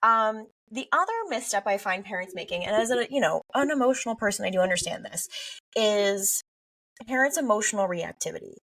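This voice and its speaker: A woman's voice: medium pitch, a little fast, far from the mic. A young woman, a family therapist, talking expressively in a podcast interview and acting out parents and teens. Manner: expressive, animated, acts out quoted parents and teens.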